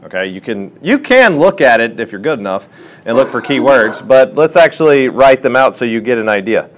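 A man's voice: mid-range voice, fairly quick. A man tutoring a chemistry class, asking students questions as he works through problems in a classroom. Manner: lively, questioning teacher talk. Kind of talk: classroom lesson.

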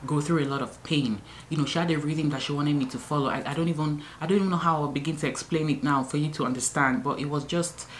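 A woman with a low-pitched voice talks casually to her camera at home. She rambles with fillers and self-corrections. A faint background hiss sits under her voice. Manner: chatty, many fillers and restarts, animated when reliving moments. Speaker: vlogger, new mother. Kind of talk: casual vlog storytelling.

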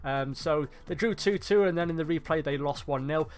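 A man's voice: a little high, moderate pace, smooth. A young man giving casual, rambling commentary on a football management game, often correcting himself and cracking jokes. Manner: chatty, rambling, self-correcting, jokey. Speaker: gaming YouTuber.

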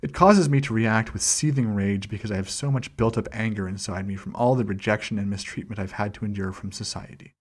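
A man reading a personal journal aloud in a steady, measured first-person delivery, with dates read out slowly. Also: fairly low pitch, breathy edge. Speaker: channel host reading a document aloud.

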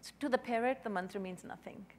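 A woman speaking on a panel, telling gentle stories with soft chuckles. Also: fairly high pitch, fast. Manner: gentle storytelling, chuckles softly. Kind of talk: panel discussion. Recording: hall reverb, faint noise.

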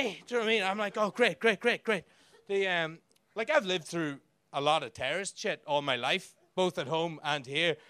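Irish man, stand-up comedian, high voice, profane, brash, crowd banter, handheld mic. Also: sharp tone, slight background noise. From Ireland. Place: comedy club stage.

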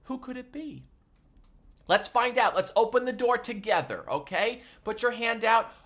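A man teaching a livestreamed music class for small children, talking in an animated, sing-song way. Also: extremely high pitch, moderate pace.

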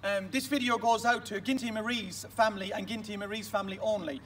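A man with a Manchester accent delivering an aggressive, taunting rant to camera, shouting insults. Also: high voice, steady tone, fairly quick. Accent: Manchester English. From England. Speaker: video ranter. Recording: voice from a distance with faint noise.

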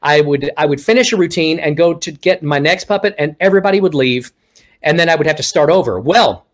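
A middle-aged man from Texas, a ventriloquist guest on a video-call interview, telling stories in a casual, animated way and acting out quoted speech. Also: fairly high pitch, brisk.

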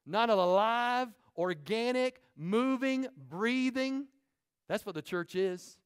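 High-voiced preaching man. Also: smooth. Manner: animated preaching, quick asides to the congregation. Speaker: pastor. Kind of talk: sermon. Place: church sanctuary.

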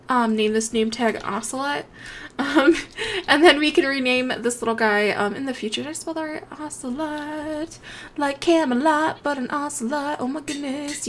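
A young woman hosting a game channel, chatting casually as she plays and gushing over animals with excitable, sweet baby-talk. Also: high voice, fairly quick, slight background noise. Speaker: gaming channel host.

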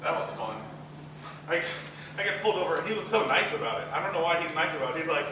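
A young man, a student comic, performs a rambling, self-deprecating stand-up set on a university talent show stage, tossing in quick acted-out asides. His voice is a little high, expressive, bright and forceful. The distant, very echoey hall mic catches crowd ambience, audience laughter and slight background noise.

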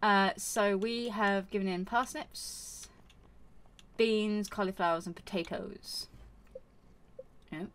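A woman's voice: medium pitch, steady tone, takes it slowly, long pauses. A woman chatting casually while playing a farming game for her channel, rambling and scolding herself with many fillers. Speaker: gaming YouTuber. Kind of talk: casual gameplay commentary.

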